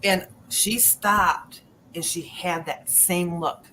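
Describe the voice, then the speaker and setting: Woman telling a story, somewhat low. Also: takes it slowly, slight background noise. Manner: animated storyteller acting out quotes. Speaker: guest. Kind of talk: storytelling on a paranormal podcast.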